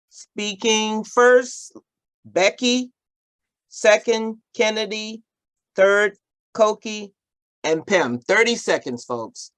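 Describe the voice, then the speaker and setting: A woman's voice: low-pitched, dry recording. A woman facilitating a feedback round, calling on speakers in turn.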